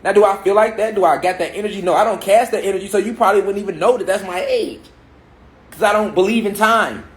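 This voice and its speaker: A man in his thirties with an African American Vernacular English accent lectures a gathered audience on spirituality in a large room. His high-pitched voice moves at a quick pace with a roomy sound, and he drives points home with rhetorical questions and repetition.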